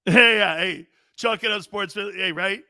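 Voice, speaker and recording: Excitable high-voiced male sports show host. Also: gravelly, dry recording, studio quality. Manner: loud, jokey and profane, laughs often; rapid, excitable banter. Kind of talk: live sports talk show, reading viewer chat.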